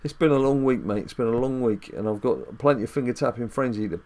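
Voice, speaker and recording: A middle-aged man hosting a casual gaming video with his son, joking and teasing in lively banter. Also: mid-range voice, fast talker. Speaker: gaming channel host, dad.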